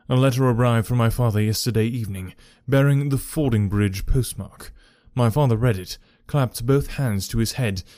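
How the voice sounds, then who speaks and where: A man voicing a troubled young gentleman who earnestly recounts a family ordeal. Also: lowish voice, no room sound, clean studio sound, natural voice. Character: young gentleman, troubled, telling of his father's ruin.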